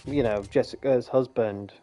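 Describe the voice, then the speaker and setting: A man's voice: medium pitch, moderate pace, background noise. A young man rambling casually over gameplay on a headset mic, chatty, laughing often and swearing. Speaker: game streamer. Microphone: gaming headset.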